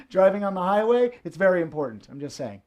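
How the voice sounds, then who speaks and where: A man's voice: high-pitched, big pitch swings, fairly quick, a little mellow. A man performing fire tricks from home for a live stream, joking and hyping up the audience. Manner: playful, joking, hyped-up showman. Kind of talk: live-streamed show banter. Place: home room indoors.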